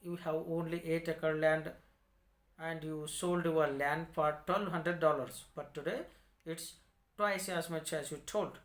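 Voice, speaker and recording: A man's voice: fairly high pitch, fairly even intonation, a little slow, fairly bright tone. A man with an Indian English accent, a teacher who reads lines from a story and then repeats and explains them in simple words. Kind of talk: explaining a story text line by line. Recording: echoey room.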